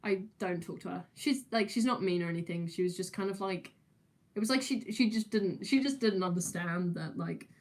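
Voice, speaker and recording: A woman's voice: fairly low pitch, moderate pace. Hesitant young New woman streaming. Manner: hesitant, many fillers and restarts, giggly. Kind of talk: casual livestream chat answering viewers.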